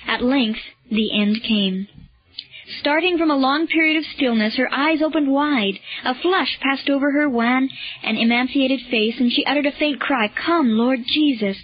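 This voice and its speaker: A woman narrating a historical story in a measured, solemn reading. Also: high-pitched, no room sound. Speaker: audiobook narrator. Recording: dull lo-fi recording.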